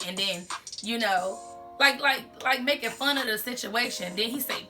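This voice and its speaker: A woman's voice: on the high side, moderate pace, sharp tone. Candid, cursing woman vlogger over music. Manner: candid, profane ranting. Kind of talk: casual mukbang commentary.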